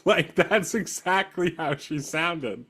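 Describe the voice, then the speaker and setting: A man's voice: on the high side, takes it slowly, fairly bright tone, husky. A man in his thirties co-hosting a movie podcast, chatting casually and laughing often. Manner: laughs often while talking. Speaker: podcast co-host. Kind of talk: casual chat.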